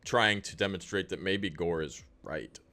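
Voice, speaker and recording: A man's voice: low-pitched, normal speed, sharp tone. A man co-hosting a podcast, chatting casually and agreeably about a film. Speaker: podcast co-host. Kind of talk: casual film review chat.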